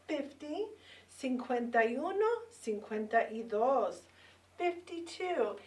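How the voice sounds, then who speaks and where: A woman in her fifties, a bilingual teacher leading a lesson for young children, drawing out words slowly and prompting them to repeat after her. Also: high voice, expressive. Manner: slow, drawn-out words with call-and-response prompts. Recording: roomy echo, mic set far off.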